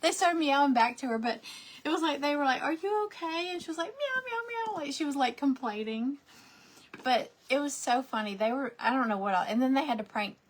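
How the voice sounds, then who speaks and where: A woman's voice: sits high, fairly quick. A woman, chatting casually while she crafts, rambling through stories with lots of fillers and restarts. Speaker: crafting vlogger.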